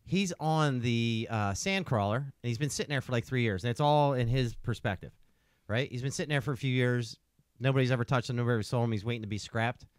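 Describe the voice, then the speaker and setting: A man's voice: mid-range voice, fast, clean tone, no room sound. A man hosts a casual podcast, spinning a long, rambling story and checking in with "right?" every few lines. His voice sits in an ordinary middle range. The recording is dry and close. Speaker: podcast host.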